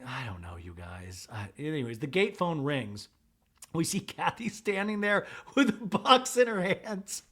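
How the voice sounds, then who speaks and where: Animated man recapping with jokey asides. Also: fairly high pitch, measured pace. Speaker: podcast host. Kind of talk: comedic reality-show recap.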